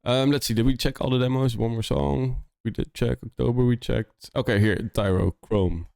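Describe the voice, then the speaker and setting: A man's voice: mid-range voice, steady tone, fairly quick, gravelly, hardly any pauses, a little mellow, faint music behind. A young man from the Netherlands with a Dutch accent, chatting casually on a live stream while reviewing demos, rambling with lots of "like" and restarts.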